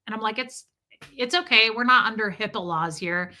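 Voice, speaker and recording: A woman's voice: on the high side, lively intonation, brisk, sharp tone. A woman hosting a casual livestream, rambling through a story and greeting viewers by name mid-sentence. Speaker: livestream host.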